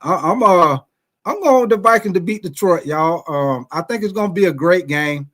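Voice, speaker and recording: Man, chatty livestream host, slightly high voice. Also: lively intonation, normal speed, a bit bright. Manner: chatty, laid-back, speaks to the chat. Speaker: sports show host. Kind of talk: casual livestream commentary.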